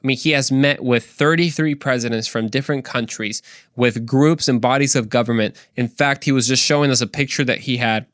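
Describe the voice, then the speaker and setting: A young man hosts a faith podcast with lively energy. He preaches with conviction and cracks jokes along the way. His voice sits at a middle pitch and sounds dry and close. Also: dry recording. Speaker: podcast host. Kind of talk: casual faith talk podcast.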